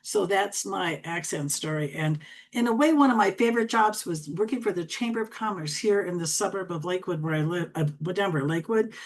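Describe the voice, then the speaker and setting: Chatty Upper Midwest woman in her sixties. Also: fairly low pitch. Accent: Upper Midwest American. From Wisconsin. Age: 60s. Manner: chatty, fast-talking and folksy. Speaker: LinkedIn coach. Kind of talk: online training presentation.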